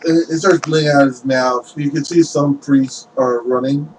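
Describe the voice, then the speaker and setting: A man's voice: medium pitch, fairly even intonation, normal speed, a little mellow, slight background noise, rough recording. A man running a tabletop game as game master, narrating loosely with lots of "like" and restarts.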